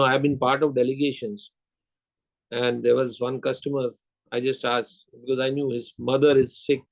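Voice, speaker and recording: A man's voice: mid-range voice, poor audio. An older man giving a sales lecture, telling anecdotes, acting out dialogue and quizzing his audience.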